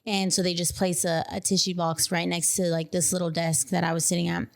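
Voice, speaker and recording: A young woman with a Texan accent talks through a painful memory on a podcast, her speech full of fillers and restarts. Her voice sits fairly low and stays flat in pitch. Her tone is smooth and clear. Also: brisk. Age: young adult. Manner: emotional retelling, many fillers. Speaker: podcast guest. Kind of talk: casual storytelling.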